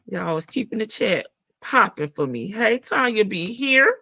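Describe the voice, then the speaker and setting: This livestream host, a woman from the Southern United States, gossips with her viewers in a folksy, casual way, laughing and calling them "child" and "baby." She speaks at medium pitch, a little slowly, very animated, with a gravelly, sharp tone. The lo-fi stream sound is dull and dry, without room sound.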